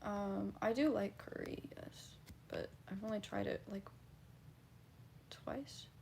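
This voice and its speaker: Gravelly-voiced woman streamer. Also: mid-range voice, slow, darkish tone, whispered. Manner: blunt, laughing, swears freely. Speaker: livestreamer. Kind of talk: casual livestream chat reading.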